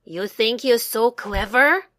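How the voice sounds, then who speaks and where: A woman's voice: on the high side, slow pace, a bit bright, dry recording, clean studio sound. A woman voicing grumpy, doubting village folk with a scolding manner in a storybook reading. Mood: annoyed.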